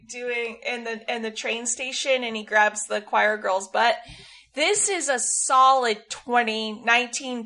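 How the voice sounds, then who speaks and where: A woman co-hosting a podcast in an eager, gushing way, with plenty of "like" in her speech. Her voice sits a little high. She sounds relaxed and chatty. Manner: gushing, with many likes. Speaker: podcast co-host. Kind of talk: casual chat.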